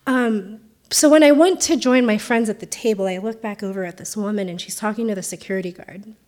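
A woman's voice: mid-range voice, quick pace, a little mellow. A woman in her late twenties with a Californian accent, telling a personal story in a conversational way with frequent ums. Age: 20s.

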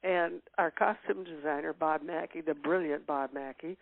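A woman's voice: low-pitched, steady tone, normal speed, gravelly, no room sound. Older woman reminiscing on a phone line. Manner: reminiscing, warm laughs, many fillers. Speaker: interview guest. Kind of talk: casual interview chat. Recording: tinny phone-line sound.

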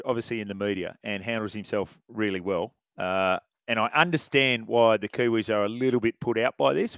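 A man's voice: mid-range voice, no room sound. An Australian man hosts sports talk radio in a casual, opinionated way, chuckling between points. The studio sound is dry and close, with no room around his voice. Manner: chatty, opinionated, chuckles as he talks.

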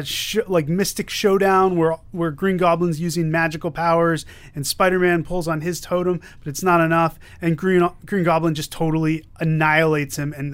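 A man co-hosting a casual chat, retelling a story in an animated, chuckling way. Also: fairly high pitch, clear, resonant tone. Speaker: podcast co-host. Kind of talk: casual chat reviewing comics.

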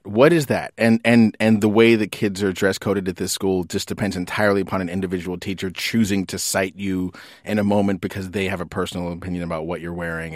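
A man co-hosting a casual podcast, his voice on the low side and recorded dry and close. He tells stories in an animated way, laughs easily and swears without holding back. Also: no room sound. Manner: animated storytelling, swears freely, laughs often. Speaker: podcast co-host, writer.

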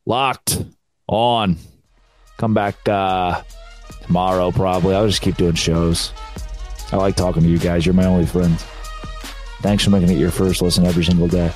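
Sarcastic sports podcast host. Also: male voice, deep voice, moderate pace, pauses often, faint music behind. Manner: sarcastic, animated, mocking quoted fans. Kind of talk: solo sports podcast rant.

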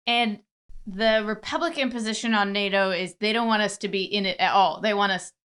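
Smooth-voiced woman guest host. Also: medium pitch, a little fast, a bit bright. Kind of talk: casual political chat.

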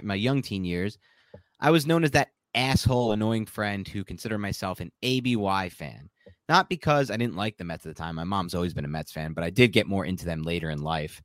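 Male sports podcast host, animated and opinionated, very dry close-miked sound. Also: fairly low pitch, dry recording. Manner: animated, opinionated, laughs mid-sentence. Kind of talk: casual sports talk.

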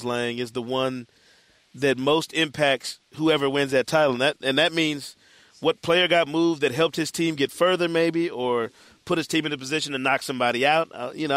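A man's voice: medium pitch, fairly bright tone, no echo. A man hosting a casual basketball podcast, laid-back and loose, with plenty of "you know" fillers. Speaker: podcast host.

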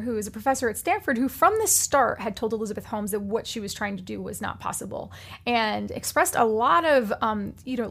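A chatty woman hosts a podcast interview, her voice sitting a little high. She talks loosely, dropping in fillers as she goes. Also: vocal fry, fairly bright tone. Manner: chatty, uses many fillers like "you know". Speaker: podcast host. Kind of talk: casual interview chat.

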